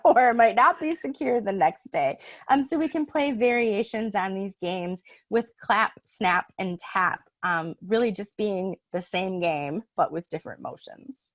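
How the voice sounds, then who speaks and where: A woman narrating a training video for teachers, explaining calmly with some fillers. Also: fairly high pitch, no echo. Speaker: literacy trainer.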